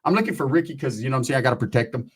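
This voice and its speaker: A man spinning a comic, profanity-laced tale in an animated, conversational way. His voice is husky, sits at an ordinary male pitch, and keeps checking in with the listener as he goes. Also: racing. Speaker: storyteller. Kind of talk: comedic profane anecdote.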